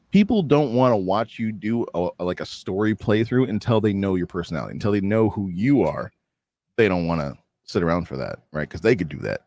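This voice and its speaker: A young man guest on a livestream, talking in a relaxed, joking way with sudden energetic bursts. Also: low-pitched, no room sound. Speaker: guest streamer. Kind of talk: casual livestream chat.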